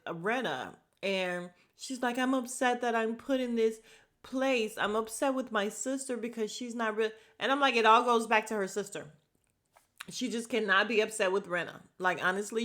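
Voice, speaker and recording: Woman podcast host, casual gossipy recap voice, bright tone. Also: mid-range voice. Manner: animated, gossipy, acts out quotes from the show.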